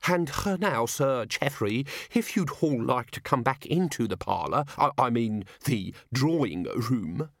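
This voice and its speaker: A man's voice: mid-range voice, animated, a little slow, gravelly, hardly any pauses, dry recording, studio quality. A man reading aloud, voicing an anxious, fussy woman who employs a governess; she stammers and talks in a flustered way.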